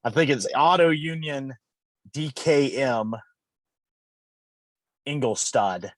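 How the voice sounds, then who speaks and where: A man's voice: mid-range voice, animated, slow pace, dry recording. Opinionated man, dry close sound. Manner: opinionated, fond of correcting pronunciation. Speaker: podcast co-host. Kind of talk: casual chat.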